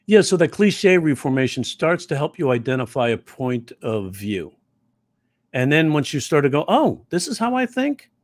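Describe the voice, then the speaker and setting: A man's voice: fairly high pitch, moderate pace, no echo. A middle-aged man, a comedy writing teacher, talking in an interview and telling stories with acted-out quotes. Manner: animated storyteller who acts out quoted voices. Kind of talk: conversational interview.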